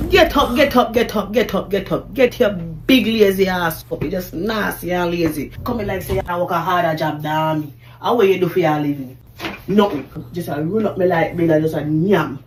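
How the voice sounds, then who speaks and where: A Jamaican woman, a mother, loudly nagging her lazy son to get out of bed. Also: lowish voice, normal speed, a little hiss or hum. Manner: loud, nagging, exasperated. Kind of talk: scolding rant.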